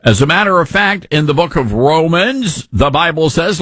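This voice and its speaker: A man's voice: fairly high pitch, expressive, moderate pace, a bit bright, no echo. A man hosting an opinionated commentary show, indignant and preachy, quoting scripture.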